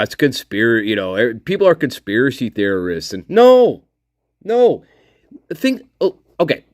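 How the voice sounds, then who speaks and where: Sarcastic and profane, this true-crime commentator angrily picks apart a case, repeating points for emphasis and mimicking others in put-on voices. His voice runs high with a darkish tone, captured in a dry, studio-quality recording.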